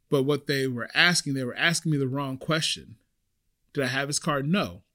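A young man casually telling a story to camera about his time as a restaurant server, chatty and full of fillers, getting louder and higher when worked up.

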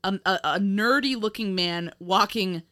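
A woman's voice: mid-range voice, a little slow, bright, forceful tone. A woman co-hosting a casual film review podcast, rambling with many fillers and restarts and laughing often. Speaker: podcast co-host.

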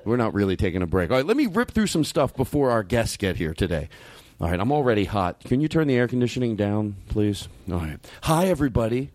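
A man hosting a comedic podcast in a studio, talking in a rambling, profane, animated way. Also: on the low side, fast, few pauses, dry recording. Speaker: podcast host. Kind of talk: casual comedic podcast banter.

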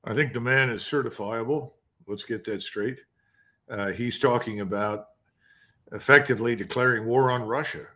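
A man's voice: mid-range voice, sharp tone. A man speaking as an interview guest, blunt and assertive. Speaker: guest, military analyst. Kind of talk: interview answers.

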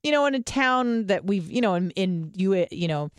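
A woman's voice: medium pitch, lively intonation, moderate pace, no echo, clean studio sound. A young woman co-hosting a podcast, chatting casually, rambling and swearing with lots of fillers. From United States. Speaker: podcast co-host. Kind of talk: casual chat.

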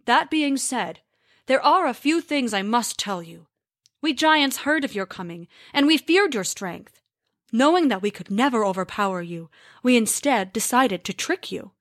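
A woman voicing a male giant who calmly explains his tricks in a storybook tale. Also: a little high, normal speed, no room sound, studio quality. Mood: explaining. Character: huge cheerful male giant.

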